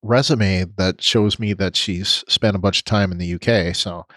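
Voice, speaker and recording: A man with a lowish voice talks casually as a podcast co-host, trailing off and restarting his thoughts. The sound is dry and close. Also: steady tone, moderate pace, fairly bright tone, dry recording. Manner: rambling, hesitant, many restarts. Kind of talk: casual chat.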